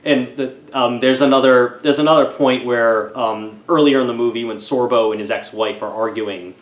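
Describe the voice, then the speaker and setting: A man giving a casual, wry film review, digressive and halting, in a roomy echoey room. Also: medium pitch, fairly even intonation.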